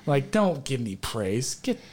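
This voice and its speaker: A man's voice: mid-range voice, big pitch swings, takes it slowly, a little mellow, slightly rough. A man telling blunt, profane stories about his family in a casual podcast chat.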